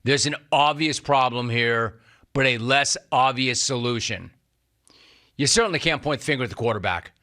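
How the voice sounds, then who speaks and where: A man's voice: mid-range voice, moderate pace, bright, forceful tone. A middle-aged man hosting a sports talk show, delivering an emphatic, sarcastic monologue and repeating lines for punch. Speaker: sports radio host.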